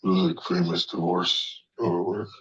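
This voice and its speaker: A man co-hosting a comedy podcast, dropping absurd one-liners in a deadpan way. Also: low voice, normal speed, muffled recording. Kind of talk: improvised comedy banter.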